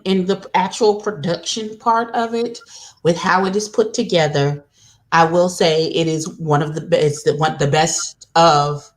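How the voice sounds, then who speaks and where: A woman on an online panel, weighing a show's production and content and calling it out bluntly. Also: lowish voice. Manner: blunt, sassy critique. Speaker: YouTube commentator on a panel. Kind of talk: casual critical panel discussion.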